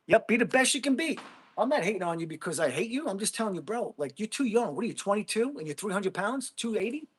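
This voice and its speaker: A man's voice: sits high, very animated, fast, slightly rough. A middle-aged man hosting a casual livestream, bluntly chatting with viewers and calling them bro. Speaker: livestream host. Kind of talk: casual livestream chat, reading comments.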